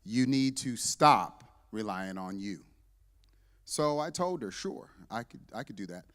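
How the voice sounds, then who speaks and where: A man's voice: fairly low pitch, unhurried, in a large hall. A man in his fifties, a church deacon, giving a humorous testimony to a congregation and acting out the dialogue in his story. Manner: lively, joking storyteller who acts out dialogue. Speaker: church deacon and visiting parent. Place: church sanctuary.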